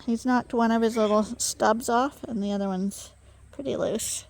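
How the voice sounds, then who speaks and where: A woman's voice: a little high, fairly even intonation, normal speed, darkish tone. A woman sheep farmer narrating a farm vlog in her barn, cooing to her animals in baby talk.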